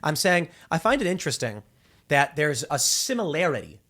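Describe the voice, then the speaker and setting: Male host, 30s, animated and expressive pitch, rambling solo commentary with frequent restarts. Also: normal speed. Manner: rambling, repeats words when restarting; acts out quoted people in exaggerated voices. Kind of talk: casual opinion commentary.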